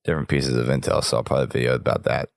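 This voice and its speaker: A sick, hoarse man hosting a podcast, rambling casually through news and sign-off plugs. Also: very deep voice, little pitch movement, very fast, no echo, studio quality. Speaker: podcast host.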